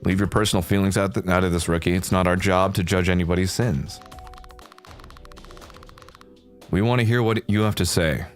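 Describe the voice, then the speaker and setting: A man voicing a composed adult male doctor who speaks in a calm, measured, polite way. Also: deep voice, faint music behind, lightly acted. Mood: stern.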